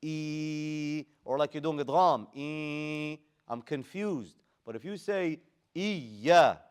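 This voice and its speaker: A man's voice: a little high, expressive, moderate pace, darkish tone. A man teaching a class how to recite the Quran, moving between chanted Arabic verses and casual, slangy English explanations. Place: classroom with students present.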